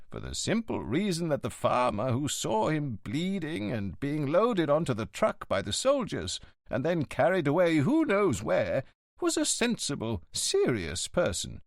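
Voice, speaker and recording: Diretor escolar idoso e pomposo, interpretado por um homem, fala lenta e altiva, entonação muito variada. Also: male voice, on the high side, wildly swooping pitch, gravelly, dry recording, clean studio sound, voice pushed up, exaggerated voice. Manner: slow, lofty, disapproving. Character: elderly retired male headmaster, stern and pompous.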